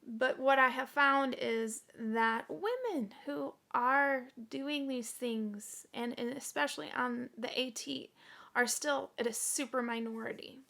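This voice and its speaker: A woman in her forties talking earnestly to camera in a casual home vlog, halting now and then with fillers. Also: fairly high pitch, vocal fry, fairly bright tone. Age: 40s. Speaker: vlogger. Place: indoors at home.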